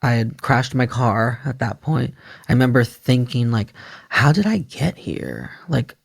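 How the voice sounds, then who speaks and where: A young man telling stories on a podcast in a loose, animated way, full of fillers and acted-out quotes. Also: medium pitch, a little slow, creaky. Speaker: podcast guest. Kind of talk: casual storytelling about addiction recovery.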